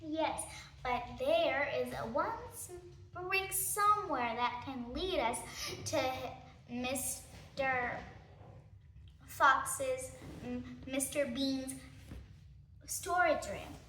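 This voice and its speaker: A woman's voice: sits high, very slow, long pauses, bright, forceful tone, echoey room, a little hiss or hum, heavily acted. A woman voicing a clever, confident fox father in a storybook reading. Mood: sly.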